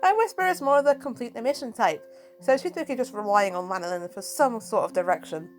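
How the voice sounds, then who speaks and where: A woman reviewing a comic book, recapping it in a chatty, animated casual way. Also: a little high, fast, soft background music, low-quality recording.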